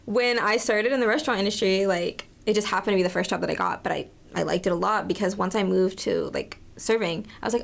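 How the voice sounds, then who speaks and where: A woman's voice: mid-range voice, fast, vocal fry, hardly any pauses. A young woman being interviewed in casual chat, bubbly and emotional, her stories full of "like" and quoted asides. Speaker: interview guest, makeup artist.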